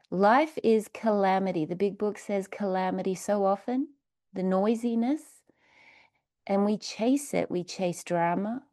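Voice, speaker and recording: A woman leading a guided meditation within a recovery talk, speaking slowly and soothingly with repeated phrases. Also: medium pitch, gravelly, mellow, dry recording, studio quality. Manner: slow, soothing, repetitive phrasing.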